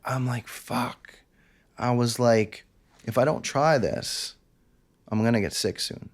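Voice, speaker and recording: A man, speaking as a guest on an interview podcast. He tells a personal story in a candid, intense, confessional way. He slips into the quoted voices of the people in the story, in a voice of middle pitch. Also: unhurried.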